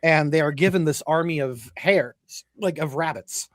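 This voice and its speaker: A man's voice: on the high side, moderate pace, a bit bright, dry recording, clean studio sound. A man chatting casually and rambling, with many "like"s and restarts. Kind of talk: casual chat.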